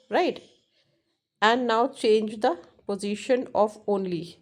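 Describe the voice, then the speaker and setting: A woman's voice: mid-range voice, lively intonation, slow. A woman teacher with an Indian English accent, explaining linguistics for an exam and checking in with "right?" as she repeats key phrases. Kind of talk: exam-prep lecture.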